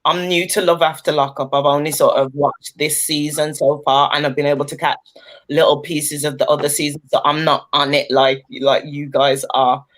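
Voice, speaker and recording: A panelist from a Caribbean background joins a casual podcast chat, easygoing and agreeable. The voice sits at a middling pitch. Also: little pitch movement, normal speed, a bit bright. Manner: easygoing, agreeable, many mm-hmms. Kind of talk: casual chat recapping a reality show.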